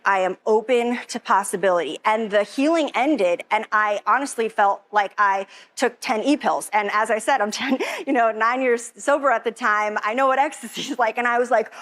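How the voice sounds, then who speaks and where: A woman's voice: medium pitch, fairly bright tone. A young woman giving an emotional, rambling personal testimony, full of "like". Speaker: event attendee giving a testimonial.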